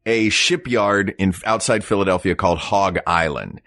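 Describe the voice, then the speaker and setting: Tired guy co-hosting a podcast, jokey and animated, deep voice, very dry mic. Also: normal speed, no room sound. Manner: animated, jokey, lectures on sandwich history. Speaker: podcast co-host. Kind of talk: casual chat.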